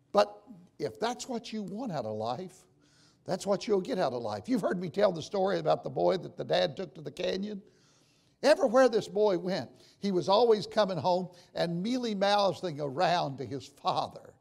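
An older man preaching a sermon and telling stories, dropping to a hush and rising to shouts. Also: high-pitched, expressive, normal speed, gravelly, breathy edge. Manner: storytelling preacher, swings from hushed to shouting. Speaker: pastor.

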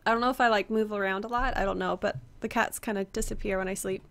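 Talking quickly at a medium pitch with fairly even intonation, a young woman streams a game over a headset. She greets viewers by name and reads chat aloud in a relaxed way, though her voice is a little strained and she appears to be resting it.

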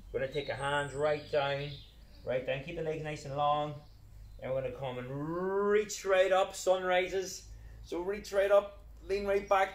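A man's voice: fairly high pitch, echoey room. Upbeat man coaching a kids' workout. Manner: upbeat, playful, step-by-step cueing. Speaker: children's PE coach. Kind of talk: live exercise class instruction. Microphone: camera set back across the room.

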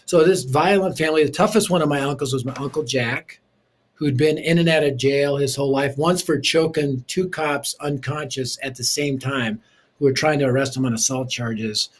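A man telling his life story in an interview, lively and punchy, with quick jokes woven in. His voice sits at an ordinary middle pitch for a man, plain and unforced. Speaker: guest, preacher and author.

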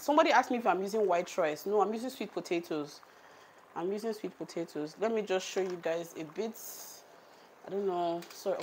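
A woman's voice: on the low side, a little mellow, slight background noise. A woman with a Nigerian accent who is chatty and laughs often. She cooks on camera, reads out the live chat and talks to her viewers. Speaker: cooking vlogger. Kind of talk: casual chat on a cooking livestream. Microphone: camera on a tripod.

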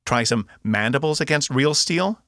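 A man voicing a loud, defiant male robot in an audiobook, shouting back at a guard. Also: sits low, wildly swooping pitch, moderate pace, creaky, no echo, studio quality, full character voice. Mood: taunting.

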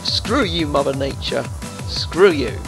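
A young man giving casual, excitable commentary while playing a football video game and talking to his players. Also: mid-range voice, measured pace, vocal fry, low-quality recording. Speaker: gaming YouTuber. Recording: faint background music.

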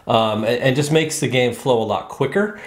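A man's voice: medium pitch, normal speed, reverberant. A male host casually explaining a board game, rambling with lots of fillers and restarts. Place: indoors at a game table.

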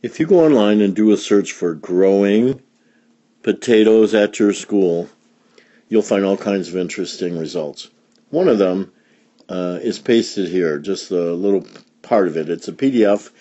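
A man reading a picture book aloud for young learners, animated, with big jumps in pitch for emphasis. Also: dull audio. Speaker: storybook reader.

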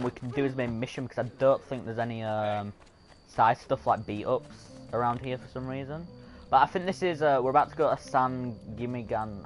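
A man chatting casually and rambling over his own gameplay as a streamer. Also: mid-range voice. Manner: chatty, rambling, self-correcting. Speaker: gaming streamer. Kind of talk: casual let's-play commentary. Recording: game music playing behind.

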